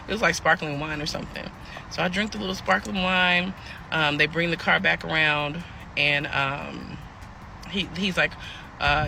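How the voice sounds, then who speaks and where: A woman's voice: deep voice, fairly even intonation, normal speed, creaky, noisy background. A woman telling a personal story in a chatty storytime style, talking straight to her viewers. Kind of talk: casual storytime.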